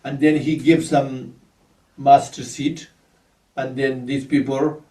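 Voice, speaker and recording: Slow, halting male Buddhist teacher. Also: medium pitch, level tone, warm tone, roomy sound, distant mic. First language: Tibetan. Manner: halting, searching for English words. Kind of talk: dharma teaching.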